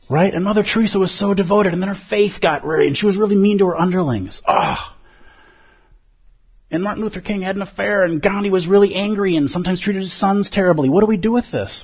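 Zen teacher guy, swoops up and down a lot, bit husky, muffled recording. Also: sits high. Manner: animated, playful, acts out inner voices. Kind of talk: dharma talk.

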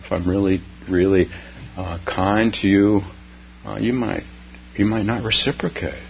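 A man giving an informal dharma talk as a meditation teacher, speaking haltingly, with restarts and chuckles. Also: on the low side, steady tone, gravelly. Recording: dull lo-fi with faint hum.

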